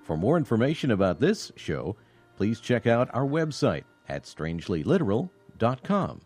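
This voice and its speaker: A man's voice: lowish voice, sing-song, normal speed, a little mellow, husky. A man announcing a podcast disclaimer in a read, formal style. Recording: music bed behind voice.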